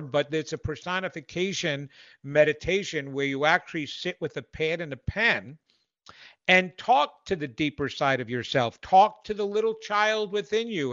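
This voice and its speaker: A man's voice: on the high side, fairly bright tone, no echo, lo-fi sound. A male host giving a casual self-help talk, rambling and correcting himself in a playful way.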